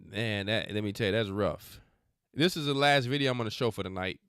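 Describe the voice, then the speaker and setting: Podcast guy preaching at clips, scolding in slang, smooth clean voice, dry close mic. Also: on the low side, fairly bright tone, no echo. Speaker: podcast host. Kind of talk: religious commentary on videos.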